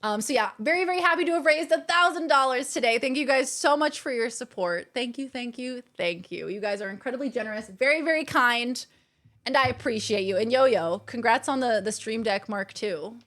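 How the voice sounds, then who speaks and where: A woman live-streamer talks casually to her viewers, her voice sitting a little high. She thanks them over and over and fills her talk with fillers and repeated words. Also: animated, a little fast. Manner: warm, thankful and chatty, with many fillers and repeats.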